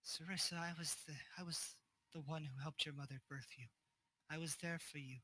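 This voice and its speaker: A man's voice: on the high side, fairly even intonation, brisk, bright, forceful tone. A man voicing an elder female guardian who pleads with her ward during a tabletop game. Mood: pleading.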